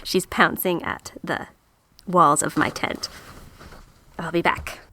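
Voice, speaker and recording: A woman's voice: on the low side, steady tone, takes it slowly, creaky, bright, forceful tone. A woman voice actor recording at home in a small tent, giggly and apologetic between takes. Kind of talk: recording outtakes.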